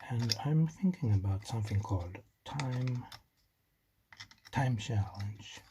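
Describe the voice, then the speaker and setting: Speaking slowly in a mid-range, expressive voice, this DIY electronics host has a non-native English accent. As he builds a circuit at a home workbench, he talks loosely, wanders into joking asides and mumbles to himself. You can clearly hear clicks and typing in the background.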